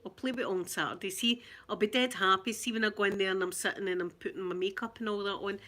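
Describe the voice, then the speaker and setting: A woman's voice: medium pitch, fairly even intonation, fast talker, bright, forceful tone. A Glaswegian woman hosting a casual live chat, chatty and rambling, laughing often. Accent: Glaswegian Scottish. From Glasgow, Scotland.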